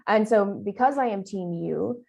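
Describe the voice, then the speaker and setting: Woman trainer w/ a gravelly edge, chatty, keeps asking "right?". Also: mid-range voice, measured pace, warm tone, low-quality recording. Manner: conversational, often adds "right?" and "um"; talks with her arms. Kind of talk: training presentation.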